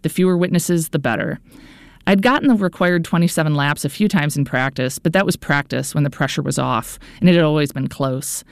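A woman's voice: deep voice, fairly quick, vocal fry, clear, resonant tone, no room sound. A woman narrating a first-person audiobook in an earnest, anxious inner-monologue manner.

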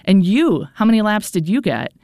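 A woman's voice: medium pitch, big pitch swings, moderate pace, warm tone, no room sound, clean studio sound, pitched above the performer's own voice. A woman voicing a tall, confident and friendly teen girl skater with a breezy, self-assured way of talking.

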